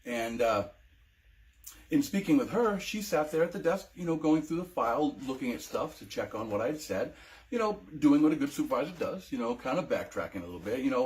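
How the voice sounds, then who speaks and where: Speaking fairly quickly in a medium-pitched, sing-song voice with a darkish tone, an American veteran shares his personal story on a testimony vlog. He's emotional and hesitant, often pausing with ums and starting over.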